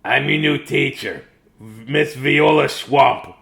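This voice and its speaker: A man's voice: mid-range voice, vocal fry, a bit bright, heavily acted. A man putting on a stern, menacing schoolteacher. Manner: slow, drawn-out, menacing. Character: stern, grumpy strict female schoolteacher.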